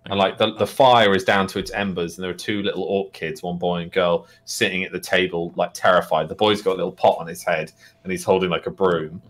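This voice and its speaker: A man's voice: low-pitched, level tone, a little fast. A man narrating a tabletop game as game master, rambling with lots of fillers. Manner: rambling, filler-heavy, laughs often.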